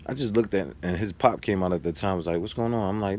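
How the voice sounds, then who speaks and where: A man's voice: low voice, fast talker, darkish tone, slight background noise. A man talks casually to camera in a vlog, rambling through a story and drifting into advice. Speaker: vlogger.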